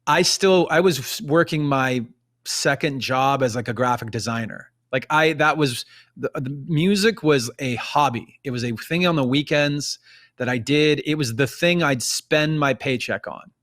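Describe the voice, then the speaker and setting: A man's voice: medium pitch, unhurried, fairly bright tone. A man in his forties, a musician guest, chatting casually in an interview and rambling with many restarts.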